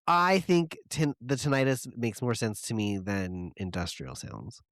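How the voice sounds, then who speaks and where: A man's voice: mid-range voice, lively intonation, a little slow, fairly bright tone, dry recording. A man co-hosting a podcast in casual chat, reacting in a laid-back way and laughing often. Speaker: podcast co-host.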